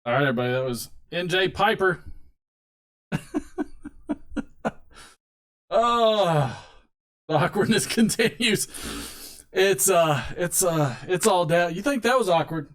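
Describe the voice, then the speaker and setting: A man's voice: high voice, animated, takes it slowly, long pauses, a bit bright. A man hosting a casual live stream, chatting, rambling and laughing as he tells a long joke. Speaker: host.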